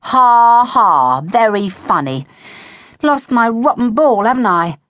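A woman's voice: lowish voice, big pitch swings, measured pace, no echo. A woman voicing a podgy, grumbling schoolboy who is easily flustered. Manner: grumbling, indignant.

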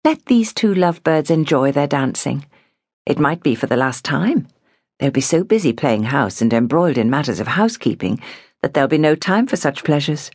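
A woman's voice: low-pitched, sing-song, normal speed, a little mellow, slightly rough, dry recording, clean studio sound, full character voice. A woman reading the part of a confident, worldly young woman who talks in a teasing, breezy way.

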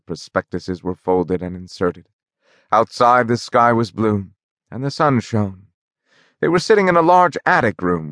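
A man narrating a novel in a measured, even storytelling manner on a close studio mic. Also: low voice, no room sound. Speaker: audiobook narrator.

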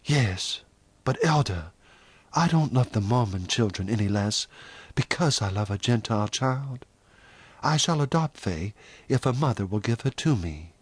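A male narrator voicing an earnest, indignant young woman who owns a ranch, with lively pitch in a dry recording. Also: measured pace, slightly rough, no room sound.

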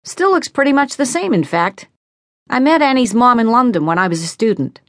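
A woman's voice: on the high side, very animated, fairly quick, no echo, pitched above the performer's own voice. A woman voicing a cheerful middle-aged dad who hams up a fake Cockney accent. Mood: warm. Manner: fake Cockney put-on, jokey.

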